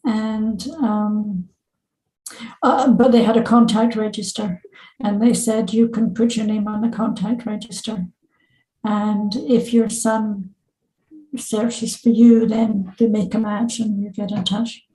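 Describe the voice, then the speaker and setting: A woman's voice: medium pitch, takes it slowly, echoey room, poor audio. A woman in her seventies from Scotland, a podcast guest telling a personal story and acting out what her family said. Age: 70s. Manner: animated, acts out family members' lines in raised voices.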